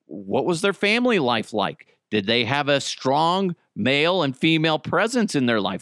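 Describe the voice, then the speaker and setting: A man's voice: on the high side, sing-song, normal speed, hardly any pauses, a bit bright, no echo, studio quality. A man hosting a solo comedy podcast, rambling and self-deprecating, with frequent swearing. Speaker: podcast host.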